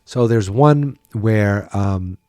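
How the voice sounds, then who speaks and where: Man, podcast host, tired, lowish voice, dry close sound, casual wry solo recap. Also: drawn-out words, a little mellow, dry recording. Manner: chatty, wry, thinking aloud.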